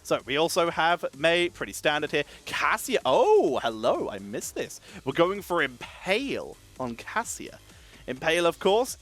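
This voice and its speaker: A man casting a live esports match, energetic and chatty, wired on caffeine and thanking subscribers between calls of the play. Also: a little high. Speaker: esports caster.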